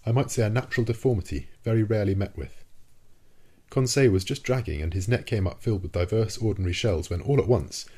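Male audiobook reader, deep mellow voice, formal storytelling. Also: quick pace, slightly rough. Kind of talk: scripted first-person narration.

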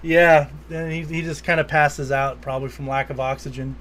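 A man's voice: on the high side, steady tone, normal speed, fairly bright tone, a little hiss or hum. A man chatting casually, retelling a comedy film scene by scene and quoting lines in put-on voices. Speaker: podcast co-host. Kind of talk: casual movie recap chat.

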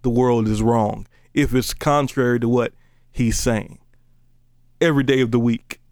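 A man preaching a casual, conversational sermon, joking between slow, emphatic scripture readings. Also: medium pitch, fairly even intonation, darkish tone, clean tone, no echo, studio quality.

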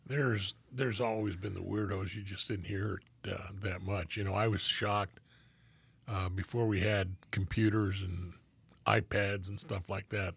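A man with a low, gravelly voice that is very husky speaks as a podcast guest. He recalls police work in a measured, matter-of-fact tone. The sound is dry and close to the mic. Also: steady tone, no room sound. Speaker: guest, former detective. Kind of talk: casual chat.

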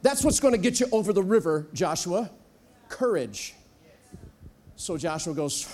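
High-voiced animated male preacher. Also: unhurried, pauses often. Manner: animated, acts out voices with humor. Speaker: guest preacher. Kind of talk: sermon. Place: church sanctuary.

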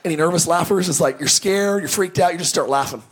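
A male pastor telling stories in a sermon, animated and joking, often stumbling and restarting his words. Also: a little high, fast talker, slight background noise. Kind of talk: sermon storytelling.

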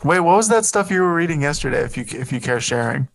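A man's voice: fairly high pitch, animated, creaky. A man co-hosting a comedy podcast, teasing his co-host with dry, prodding remarks in casual banter. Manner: dry, teasing, quick to prod.

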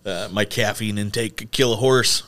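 A man's voice: on the low side, fairly even intonation, normal speed, a bit bright. A man co-hosting a casual tech podcast, chatty and rambling with lots of fillers. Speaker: podcast co-host. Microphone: studio microphone.

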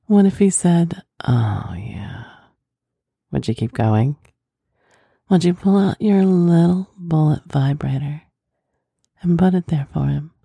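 A woman hosting an intimate adult advice talk and reading listener letters, speaking in a slow, teasing, suggestive way with murmured hums. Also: extremely low pitch, gravelly, dark tone, husky, no echo, studio quality.

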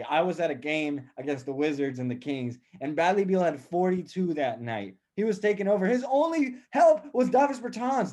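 A man's voice: a little high, darkish tone. Chatty young man hosting sports talk. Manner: chatty, asks questions, laughs often. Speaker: podcast host.

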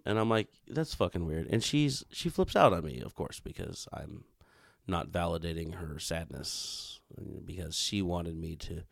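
A man's voice: deep voice, gravelly, no room sound, clean studio sound. A man in his thirties co-hosting a podcast, telling a rambling, profane story in casual chat. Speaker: podcast co-host.

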